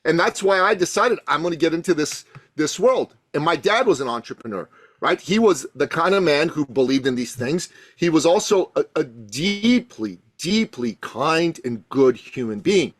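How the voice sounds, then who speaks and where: Guy on a podcast telling a big emotional story, punchy, gets loud, higher voice, dead dry mic. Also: moderate pace, no room sound. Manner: emphatic, animated storyteller who builds to loud peaks. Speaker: guest, coach and thought leader. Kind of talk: passionate storytelling in a podcast interview.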